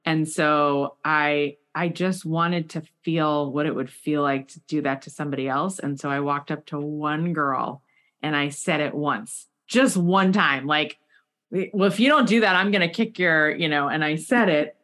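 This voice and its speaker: A woman interviewing a guest, telling a long personal story in a chatty, animated way with many asides. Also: sits low, unhurried. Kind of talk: casual interview chat.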